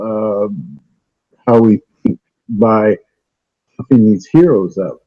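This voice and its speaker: A man's voice: fairly low pitch, slow, long pauses. Hesitant man on a muffled call. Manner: hesitant, many uh fillers and restarts. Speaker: guest on a call-in talk stream. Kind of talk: casual conspiracy talk. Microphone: remote call audio.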